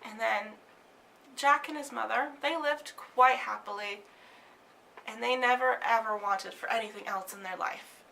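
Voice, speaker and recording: A woman telling a fairy tale with lively delivery, sometimes dropping to a whisper for suspense. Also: a little high, unhurried, gravelly, a little hiss or hum. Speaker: storyteller.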